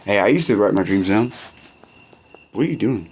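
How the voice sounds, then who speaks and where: Gravelly low-voiced young man bantering. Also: lively intonation, normal speed, slight background noise. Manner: rambling, profane, slangy back-and-forth. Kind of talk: improvised comedy skit banter.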